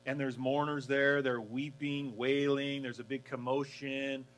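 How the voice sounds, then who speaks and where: A man preaching a casual, lively sermon, acting out the story and laughing along. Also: mid-range voice, measured pace, low-quality recording. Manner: animated storytelling, acts out voices, laughs. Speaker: pastor.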